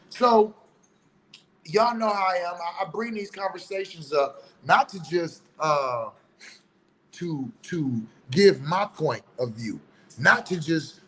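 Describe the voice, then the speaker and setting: A man's voice: fairly high pitch, expressive, moderate pace, a bit bright, slight background noise, rough recording. A man giving a heated, preachy opinion monologue in casual, colloquial speech. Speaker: online commentator.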